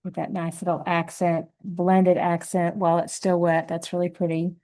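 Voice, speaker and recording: A woman with a lowish, warm voice talks through a painting lesson step by step. She sounds relaxed and encouraging, and she thinks aloud about each brushstroke as she works. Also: moderate pace, low-quality recording. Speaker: painting instructor.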